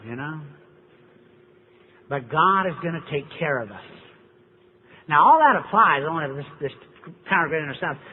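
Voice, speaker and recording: A middle-aged man, speaking at a recovery meeting and telling his story with wry rhetorical questions. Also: sits high. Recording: tinny, echoey hall recording with faint hiss.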